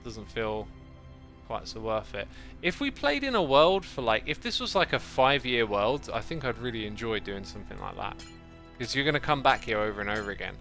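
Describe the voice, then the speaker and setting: Bright-voiced man streaming a game. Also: medium pitch. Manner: rambling, thinks aloud, thanks chat. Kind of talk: casual livestream commentary while playing. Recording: faint background music.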